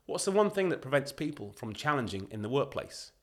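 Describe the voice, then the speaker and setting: A man talking as a guest on a podcast interview, emphatic and animated, acting out what other people say as he makes his points. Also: mid-range voice, fairly quick. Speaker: podcast guest, leadership consultant.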